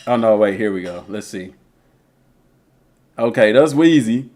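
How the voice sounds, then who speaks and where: A young man chatting casually on a live stream, reading chat aloud in a slangy, animated way, his voice a bit worn from talking for hours. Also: fairly low pitch, measured pace.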